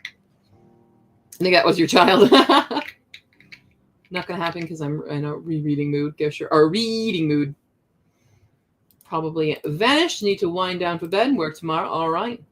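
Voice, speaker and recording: A woman's voice: sits low, expressive, a little slow, pauses often, rough recording. A young woman chatting casually with her stream viewers while she works on a craft project, reading chat aloud as she goes.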